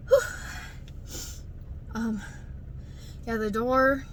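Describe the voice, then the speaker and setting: A woman's voice: on the high side, steady tone, extremely slow, a bit bright, a little hiss or hum. A woman talking casually to the camera in a vlog, out of breath and often dropping to a whisper. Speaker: vlogger.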